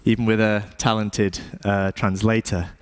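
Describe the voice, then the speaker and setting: A man's voice: lowish voice, level tone, a little slow, smooth. English man giving a hesitant stage talk. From England. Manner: hesitant, with frequent ums and restarts. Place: lecture stage.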